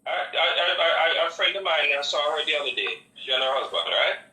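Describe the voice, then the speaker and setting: A man's voice: on the high side, very animated, brisk, bright, forceful tone. A man calling in to a talk show, earnest and preachy, repeating his points. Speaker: caller. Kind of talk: phone-in call. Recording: roomy distant phone line.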